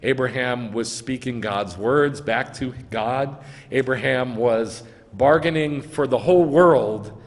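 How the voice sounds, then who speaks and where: A long reverb tail follows this American rabbi's slow, mid-range delivery in the synagogue sanctuary. He reads scripture out loud, argues its meaning, and builds up to stress key lines.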